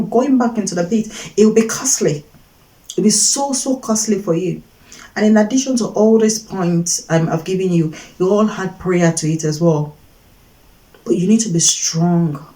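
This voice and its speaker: The recording is rough, and the woman's voice is medium-pitched with a dark tone. She gives earnest Christian advice in a teaching talk, repeating herself for emphasis and performing brief quoted voices.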